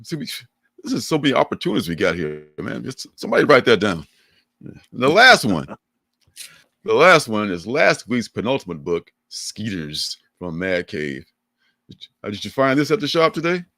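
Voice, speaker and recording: An older man co-hosting a livestream, chatting in a rambling, animated way and laughing often. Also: fairly low pitch, moderate pace, vocal fry, no echo, clean studio sound. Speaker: livestream co-host. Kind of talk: casual chat.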